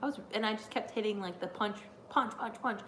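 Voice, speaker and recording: A woman streamer chatting live during a wrestling watch-along, rambling and excitable with lots of fillers. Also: medium pitch, fairly quick, a little hiss or hum. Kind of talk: live reaction chat.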